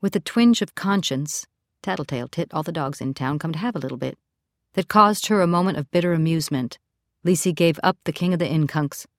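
A woman narrating a novel as an audiobook in a steady, even storytelling manner. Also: deep voice, fairly quick, dry recording, clean studio sound. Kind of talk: scripted narration.

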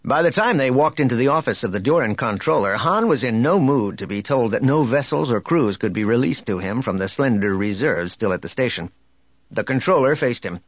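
A man narrating an audiobook in an expressive storytelling manner. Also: medium pitch, brisk, no room sound, muffled recording. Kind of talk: scripted narration.

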